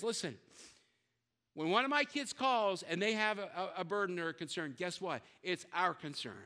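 A man's voice: high voice, bright, forceful tone, in a large hall. An older man preaching a sermon as pastor, talking in a conversational way with joking asides and often repeating words as he searches for them.

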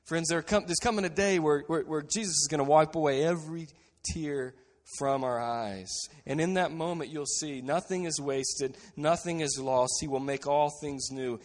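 A man preaching a sermon as a pastor, earnest and steady, dropping to a quiet voice to stress key phrases. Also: on the high side, moderate pace, few pauses, big-room sound.

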